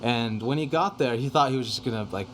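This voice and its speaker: A young man guesting on a podcast rambles through stories from the studio, full of filler words and casual swearing. He talks fast in a medium-pitched, fairly bright voice, with slight background noise.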